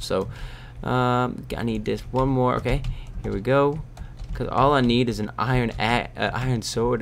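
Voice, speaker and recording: A young man giving goofy, rambling commentary while playing a game, close to his mic. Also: lowish voice. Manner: goofy, rambling, bursts of shouting and whispers. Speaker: gaming YouTuber. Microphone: close desk mic.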